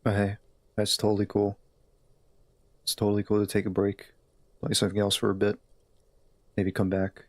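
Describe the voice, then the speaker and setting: A man's voice: lowish voice, completely flat delivery, moderate pace, long pauses, no echo. A man live-streaming a game, chatting in a laid-back, easygoing way with his viewers. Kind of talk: casual live-stream chat.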